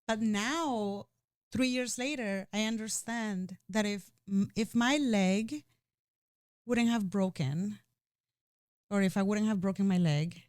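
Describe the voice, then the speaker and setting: In a personal conversation, a woman speaks with candor and emotion, often starting her sentences over and leaning on "you know." Her voice is medium in pitch with a darkish tone, and she takes her time. The recording is clean studio sound without echo.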